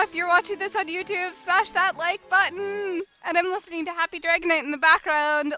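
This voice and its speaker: A young woman streaming a game live, chatting casually and bursting into excited shrieks, with music playing behind her. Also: very high-pitched, fairly quick, few pauses. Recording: background music under the voice.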